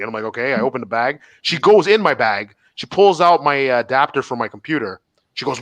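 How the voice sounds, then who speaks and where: A man chatting on a podcast, quick and bouncy, his pitch jumping around as he acts out everyone in his story. He swears freely and laughs at his own tale. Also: dry recording. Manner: animated storyteller, swears often, acts out quotes. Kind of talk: casual podcast chat.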